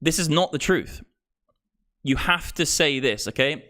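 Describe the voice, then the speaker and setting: His voice sits on the high side, animated, pushed and bright, though the pace is a little slow. The young man, a crypto livestream host, swears freely in a heated political rant into his streaming mic.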